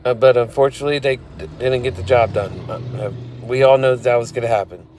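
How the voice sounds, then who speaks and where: A man's voice: medium pitch, fairly even intonation, quick pace, a little mellow, a little hiss or hum. A man recapping a wrestling show in casual, blunt, opinionated talk, now and then swearing. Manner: blunt and opinionated, swears, laughs at his own retellings.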